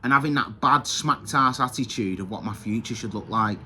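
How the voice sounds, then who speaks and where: A man's voice: fairly low pitch, moderate pace, bright, forceful tone, slight background noise. A man giving an earnest, confessional talk on his own video, often repeating words as he searches for them. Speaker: self-help video host. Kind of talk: reflective personal talk to camera.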